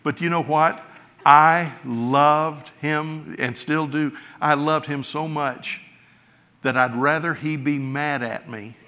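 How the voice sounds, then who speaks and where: A middle-aged man preaching from the pulpit with a bright, forceful edge to his voice. He builds to loud emphatic peaks, then pulls back to a soft, intimate hush. The sound carries a long church-hall reverb. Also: on the high side, steady tone, slow pace. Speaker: pastor. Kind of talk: sermon. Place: large church sanctuary.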